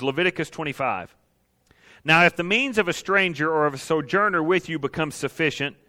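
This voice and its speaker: A man's voice: on the high side, pushed and bright. A man preaching a sermon, folksy and emphatic, speaking directly to his congregation. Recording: long hall reverb.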